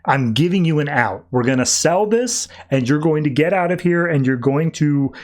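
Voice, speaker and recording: A man's voice: fairly high pitch, expressive, moderate pace, lightly acted. A man voicing a proud, brusque adult male sea king in a casual recap. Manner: blunt and commanding.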